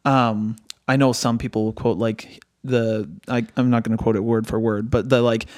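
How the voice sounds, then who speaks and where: A young man with a mid-pitched voice talks in a thoughtful, hedging way. He restarts his sentences often. The recording is dry and close. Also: little pitch movement, normal speed, darkish tone, no echo. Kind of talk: casual chat.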